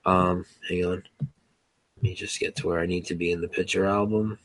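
A man's voice: low-pitched, little pitch movement, moderate pace. A man co-hosting a casual online show, rambling with restarts, swearing freely in disbelief. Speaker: co-host.

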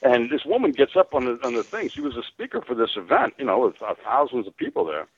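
A man's voice: mid-range voice, big pitch swings, fast, slightly rough, no room sound. American guy calling in, rambling and stumbling, dull dead sound. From United States. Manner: rambling, many restarts and fillers. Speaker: caller. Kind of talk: call-in radio rant.

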